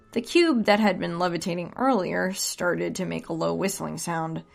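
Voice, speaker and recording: A woman's voice: fairly low pitch, vocal fry. A drunk woman reading a story aloud at home under a blanket, loose and rambling with side notes.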